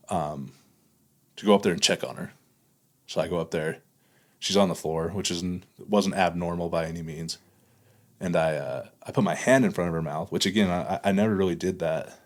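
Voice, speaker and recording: Deep-voiced man telling a raw story. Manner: halting retelling full of fillers and restarts. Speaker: podcast guest. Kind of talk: candid podcast conversation.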